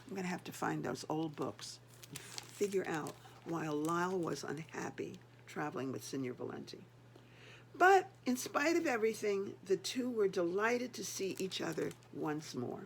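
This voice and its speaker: A woman's voice: lowish voice, very animated, moderate pace, gravelly, a little hiss or hum. An older woman, a grandmother, reading a picture book aloud and chatting to the children between pages.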